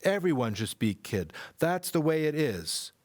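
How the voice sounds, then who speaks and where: A man's voice: on the high side, very animated, measured pace, voice pushed up. A man putting on a pushy, petulant young boy. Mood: indignant. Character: impatient young boy, rude and demanding.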